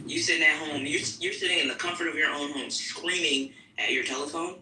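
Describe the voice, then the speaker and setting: A man's voice: fairly high pitch, brisk, reverberant, distant mic, noisy background. A man moderating an audio chat room, talking bluntly in slang and with profanity during a heated argument.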